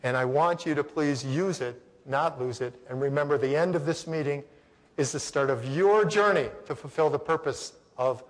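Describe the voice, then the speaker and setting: Brief: animated male keynote storyteller, higher voice, big-hall reverb. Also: normal speed. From Connecticut, USA. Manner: animated, acts out voices, addresses the audience directly. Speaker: motivational speaker. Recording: long reverb of a large hall.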